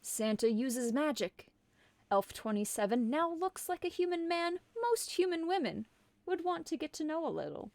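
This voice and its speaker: A woman streamer reading a silly holiday story aloud in a deadpan way. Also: high-pitched, normal speed, dry recording. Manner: deadpan, absurd.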